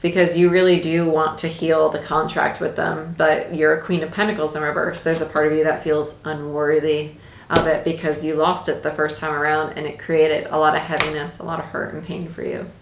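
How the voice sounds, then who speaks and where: A woman's voice: low-pitched, level tone, brisk, slight background noise. Chatty woman tarot reader, echoey room. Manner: chatty, emphatic, laughs often, repeats phrases. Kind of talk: casual tarot reading.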